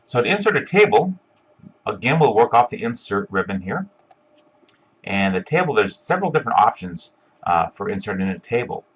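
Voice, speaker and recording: A man giving a step-by-step screencast software tutorial, talking casually with lots of ums and uhs. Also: on the low side, big pitch swings, moderate pace, breathy edge, lo-fi sound. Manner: step-by-step, filler-heavy with frequent ums and uhs. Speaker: instructor.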